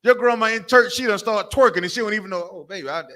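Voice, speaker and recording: A man with a Southern US accent preaches a lesson to a small group. His voice sits a little high, and he drives each point home by repeating himself and naming the people around him. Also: quick pace, pushed and bright. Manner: emphatic, repetitive, calls on others by name. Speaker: teacher leading a street class.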